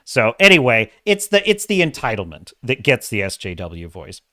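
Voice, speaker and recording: A man's voice: medium pitch, big pitch swings, moderate pace, sharp tone, no echo, studio quality. A man hosting a casual commentary show, ranting in an emphatic, exasperated way. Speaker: host.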